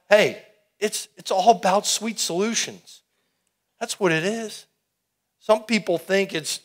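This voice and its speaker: A middle-aged man giving an animated, folksy testimony sermon to a youth rally, calling out to the crowd. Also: high-pitched. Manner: animated, folksy, audience call-and-response.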